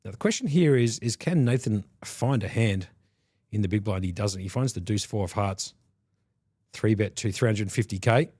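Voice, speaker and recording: A man, fairly low in pitch, gives jokey play-by-play on a live poker stream. He sounds close and dry, with no room around him. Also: moderate pace, warm tone, breathy edge, no echo. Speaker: poker commentator. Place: commentary booth.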